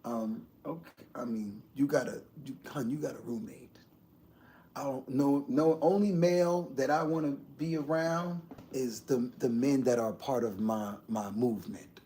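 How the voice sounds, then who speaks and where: Rambling man chatting on a livestream. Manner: rambling, swings from low mumbles to loud outbursts. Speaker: livestream host. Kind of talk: casual livestream talk to viewers.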